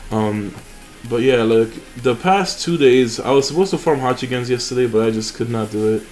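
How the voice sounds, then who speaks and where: A man's voice: medium pitch, normal speed, a little mellow, faint music behind. A young man hosting a mobile game channel, chatting casually and rambling with fillers and restarts over his gameplay.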